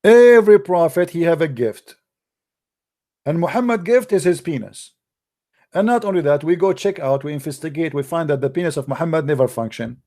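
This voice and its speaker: A man's voice: a little high, lively intonation, fairly quick, warm tone. A man lecturing combatively in a livestream, mocking and scolding his opponents in non-native English. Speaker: religious debater.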